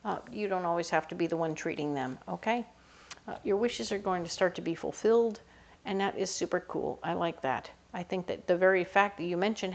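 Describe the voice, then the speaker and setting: A woman's voice: lowish voice, brisk, vocal fry, dull audio. A woman giving a casual tarot reading in a chatty, conversational way, sometimes slipping into little voices for the people she talks about. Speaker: tarot reader.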